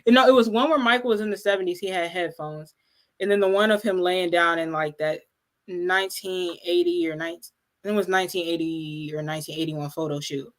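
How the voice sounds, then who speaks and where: A woman co-hosting a live watch party, talking in an excitable casual way with lots of fillers. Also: on the low side, brisk. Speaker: livestream co-host.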